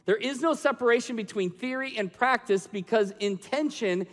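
A man preaching a sermon as pastor, swinging between loud emphatic lines and quiet hushed passages. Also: extremely high pitch, normal speed, big-room sound.

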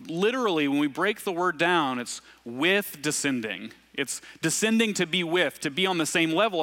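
A man from Arkansas preaches in an easy, conversational way. His voice sits a bit high and sounds bright and forward. He tells stories with self-deprecating asides. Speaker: pastor. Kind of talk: conversational sermon.

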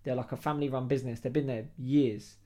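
A man hosting a podcast, telling a story in a lively, slangy, laughing way. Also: medium pitch, fast. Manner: animated, slangy, laughs while telling stories. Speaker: podcast host. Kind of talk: casual storytelling chat.

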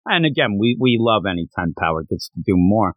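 A man's voice: lowish voice, brisk, no room sound, phone-quality sound. A man co-hosting a podcast, recapping a manga chapter in casual chat and acting out the characters' lines. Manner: animated, acts out character lines in voices. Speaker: podcast co-host.

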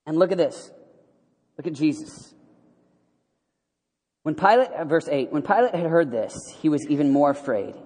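A man preaching a sermon in an animated way, rising to loud exclamations and dropping to a hushed near-whisper. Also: a little high, moderate pace, pauses often. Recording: hall with long reverb.

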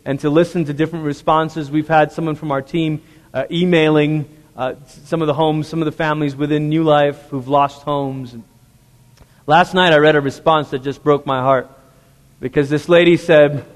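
A man's voice: fairly high pitch, fairly even intonation, normal speed. A male pastor preaching a sermon to a congregation in a church, speaking earnestly and conversationally, often asking the listeners direct questions. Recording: long reverb of a large hall.

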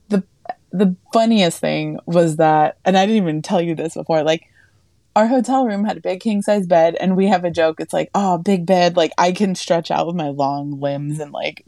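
A young woman co-hosting a podcast, telling a story in a chatty, animated way, filled with "like.". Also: lowish voice, gravelly, dry recording, studio quality. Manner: chatty, animated, heavy use of "like". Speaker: podcast co-host. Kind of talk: casual storytelling chat.

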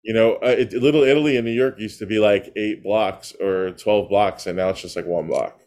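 An American man speaking as a podcast guest, his voice sitting a little low. He talks in animated bursts, with laughs and quick asides. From United States. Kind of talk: casual chat.

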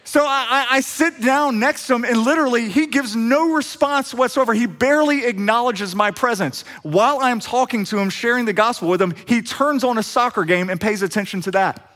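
A middle-aged man preaching, telling a personal story with lively acted-out dialogue. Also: extremely high pitch, brisk, few pauses. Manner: animated storyteller acting out quoted dialogue. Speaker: pastor. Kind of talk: sermon storytelling.

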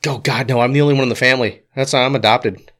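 A man's voice: medium pitch, steady tone, very fast, a bit bright. A man co-hosting a casual podcast chat over whiskey, teasing dryly and swearing. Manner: dry, teasing, profane. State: drinking whiskey. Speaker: podcast co-host.

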